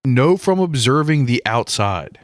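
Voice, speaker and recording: A young man in a casual podcast chat, needling his friend with dry sarcasm. His voice is smooth and resonant. The recording is close and dry, with no room echo. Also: medium pitch, lively intonation, a little slow. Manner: teasing, sarcastic. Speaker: podcast co-host.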